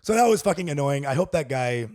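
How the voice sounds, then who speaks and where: A man comedian co-hosting a casual podcast, rambling and breaking into loud laughs and outbursts. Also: on the high side, lively intonation, quick pace, dry recording, studio quality. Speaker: comedian co-host.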